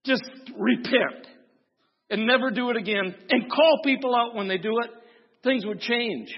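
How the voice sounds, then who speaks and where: A man's voice: extremely high pitch, moderate pace. A man from Wisconsin, a pastor giving a sermon, folksy and humorous, telling stories and preaching with force. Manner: folksy, humorous storytelling, preaching with rising intensity. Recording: dull lo-fi recording with long hall reverb.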